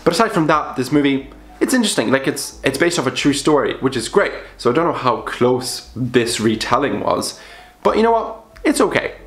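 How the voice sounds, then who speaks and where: A man's voice: big pitch swings, fairly quick. Chatty young man reviewing films, roomy echo. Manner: chatty, with sudden upward pitch jumps for emphasis; blunt, casual swearing. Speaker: film vlogger. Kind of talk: casual film review vlog.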